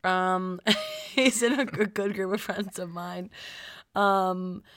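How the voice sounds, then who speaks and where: A woman in her twenties from the Midwest, co-hosting a podcast in casual chat, telling stories in an animated way and acting out quoted lines loudly. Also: on the low side, slow, dry recording, studio quality. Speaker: podcast co-host.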